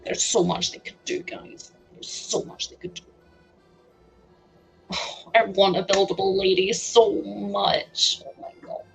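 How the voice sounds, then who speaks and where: Chatty, excitable woman streamer. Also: medium pitch, measured pace, creaky, long pauses, husky, soft background music. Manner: chatty and excitable, breaking into laughter. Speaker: live-stream host. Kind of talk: casual chat while building a toy set.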